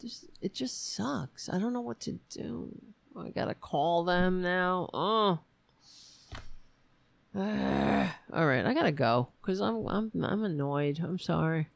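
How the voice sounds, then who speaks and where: A woman's voice: lowish voice, expressive, takes it slowly, gravelly, no echo. A woman hosting her livestream from home, frustrated and rambling, with sighs and swearing. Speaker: show host. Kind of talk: casual livestream chat. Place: home room.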